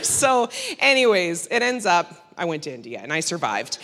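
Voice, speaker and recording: A woman's voice: on the high side, big pitch swings, normal speed, few pauses, a bit bright. A woman sharing a casual testimony with a church group, chatty, with frequent laughs and fillers. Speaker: church member giving a mission trip testimony. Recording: long hall reverb.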